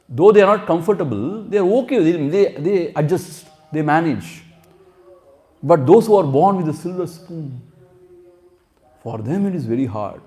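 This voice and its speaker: A man's voice: a little high, dark tone. A man teaching scripture as a spiritual teacher, explaining terms word by word and acting out quotes. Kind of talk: scripture lecture.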